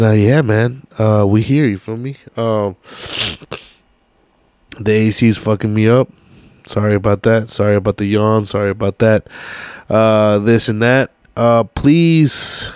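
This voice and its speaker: A sleepy man in his late twenties rambles through his solo podcast in relaxed, profane slang, full of fillers. His voice sits fairly low and comes across smooth and clean. The sound is dry and close to the mic. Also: no room sound. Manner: laid-back, profane street slang with many fillers. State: sleepy and tired late at night. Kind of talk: casual rambling podcast chat.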